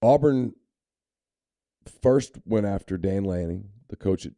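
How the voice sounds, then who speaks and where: A man's voice: on the low side, animated, unhurried, mellow, dry recording, clean studio sound. A man co-hosting a sports podcast, talking candidly and opinionatedly in casual chat, with frequent restarts. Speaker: podcast co-host.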